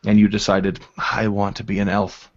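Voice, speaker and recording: A man's voice: lowish voice, completely flat delivery, moderate pace. A man doing a sardonic half-elf rogue. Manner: sardonic, rambling. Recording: dull lo-fi recording.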